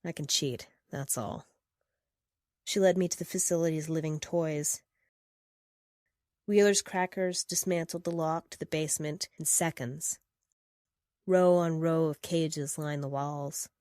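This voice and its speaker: A woman narrating first-person fiction in a steady, measured reading. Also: low voice, no echo, clean studio sound.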